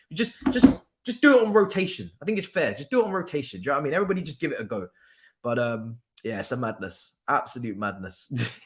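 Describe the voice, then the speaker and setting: With a medium-pitched, slightly bright voice, a young man rants through his football watchalong stream. The casual chat is emphatic, and he keeps repeating himself while laughing.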